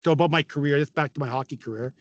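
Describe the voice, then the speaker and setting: A middle-aged man from Canada, a former hockey player, telling stories in an interview, with a raspy voice, laughing often and swearing freely. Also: on the high side, very fast, no echo, lo-fi sound. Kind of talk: casual storytelling interview.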